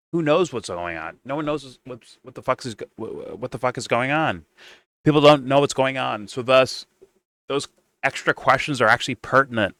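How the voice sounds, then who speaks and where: A man's voice: medium pitch, no echo. A man co-hosting a podcast, giving casual reaction commentary in a profane, rambling rant full of restarts. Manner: profane, rambling, animated ranting with frequent restarts. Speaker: podcast co-host reacting to an interview.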